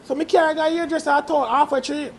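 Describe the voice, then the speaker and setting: A young man with a strong Jamaican accent and a notably high voice tells a rambling personal tale in casual patois. He laughs often and keeps the telling loose and lively, with a faint hum of ambience behind him. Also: fast, vocal fry. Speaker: guest telling a story.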